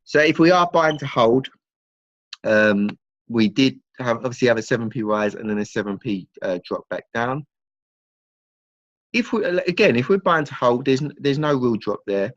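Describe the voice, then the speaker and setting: A man, casually explaining a trading strategy in loose, relaxed talk and running through figures. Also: medium pitch, normal speed, no echo. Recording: dull lo-fi dry recording.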